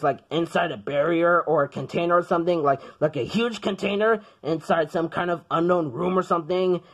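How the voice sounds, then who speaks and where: A man doing gravelly greedy Wario. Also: fairly high pitch, pitched below the performer's own voice. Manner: rambling, halting, full of fillers. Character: brash greedy burly man, a doting father. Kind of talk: plush toy skit.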